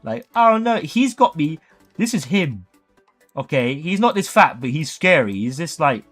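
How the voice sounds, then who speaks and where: A young man, telling a story on a livestream in a jokey, animated way. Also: a little high, moderate pace, soft background music. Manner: animated, jokey, acts out voices. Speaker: livestream host.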